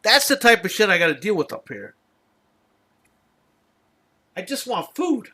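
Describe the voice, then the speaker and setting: Podcast host, male, raised tone, sharp edge, swears freely while venting. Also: sits high, wildly swooping pitch, a little slow, breathy edge. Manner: profane, exasperated storytelling. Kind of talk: casual ranting chat.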